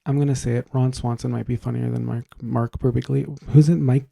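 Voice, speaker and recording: Man, podcast co-host, casual chat, ranting, dark gravelly tone. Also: medium pitch, fairly quick. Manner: ranting, sarcastic, animated.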